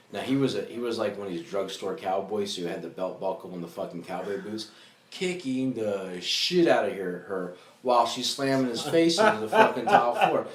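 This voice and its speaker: A man co-hosting a comedy podcast, telling a story with lots of swearing in a casual, animated way. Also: on the low side, a little hiss or hum. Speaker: podcast co-host. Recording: echoey room with faint ambience.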